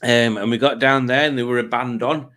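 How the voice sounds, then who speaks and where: A man chats casually on a livestream, reading out viewer comments. His voice sits at an ordinary middle pitch. He rambles, jokes and trips over his words as he goes. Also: steady tone, fairly quick, fairly bright tone. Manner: rambling and jokey, with frequent ums and self-corrections. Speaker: livestream host.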